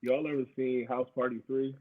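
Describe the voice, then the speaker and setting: A man's voice: mid-range voice, level tone, moderate pace, phone-quality sound. A young adult man co-hosting a podcast, telling profane stories with lots of laughter and acted-out quotes. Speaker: podcast co-host. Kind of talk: casual chat.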